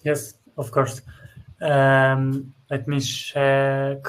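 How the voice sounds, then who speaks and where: A man co-hosting a webinar, reading out audience questions in a measured, hesitant way. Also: medium pitch, completely flat delivery, a little hiss or hum. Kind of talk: moderating Q&A.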